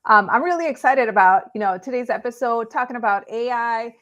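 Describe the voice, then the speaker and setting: An upbeat woman from Los Angeles talks as a guest on a live show. Her voice sits a bit high, and her delivery is chatty and friendly. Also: a little fast, fairly bright tone, muffled recording. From Los Angeles, California. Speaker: guest, real estate agent. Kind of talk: casual interview chat.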